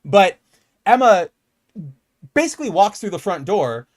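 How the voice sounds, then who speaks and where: A young man chats casually about comics as a podcast co-host. His voice sits a little high, and he jumps into animated impressions of the lines he quotes. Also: unhurried. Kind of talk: casual comic book chat.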